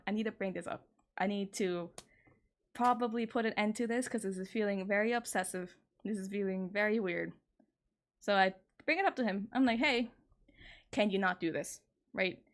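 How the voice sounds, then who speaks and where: Chatting casually on a home stream, a woman in her twenties shares something that happened to her. Exasperated and frank, she curses without hesitation, her voice leaping higher when she's indignant.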